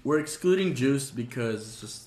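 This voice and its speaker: A man's voice: medium pitch, lively intonation, normal speed, a little mellow. A young man hosting a casual podcast, joking and slangy, laughing often. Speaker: podcast host. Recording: echoey room, faint noise.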